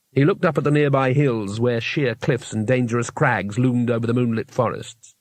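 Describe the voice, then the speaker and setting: Male reader, even measured narration, dry, mid pitch. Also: no echo. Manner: measured storytelling. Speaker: audiobook reader. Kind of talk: scripted narration.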